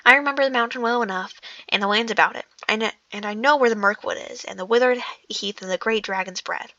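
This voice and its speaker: A woman's voice: on the high side, fast, bright, forceful tone, dry recording. A woman reading as a proud dwarf leader. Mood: doubtful. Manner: stumbling, self-correcting reading. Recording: dull lo-fi recording.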